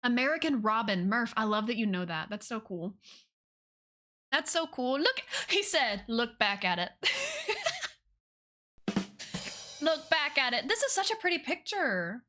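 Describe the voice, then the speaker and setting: A woman's voice: a little slow, pauses often. A young woman, chatting casually with viewers on a live stream, bubbly and gushing. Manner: bubbly, gushing, swoops up high when excited.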